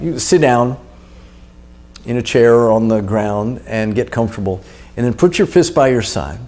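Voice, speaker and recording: A man's voice: medium pitch, a little mellow. A middle-aged man teaching a guided anger exercise, coaching and urging the listener on.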